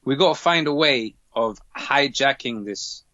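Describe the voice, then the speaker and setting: A male doctor speaking as a guest in a casual interview, earnest and halting, with many restarts. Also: mid-range voice, lively intonation, sharp tone, no room sound, lo-fi sound.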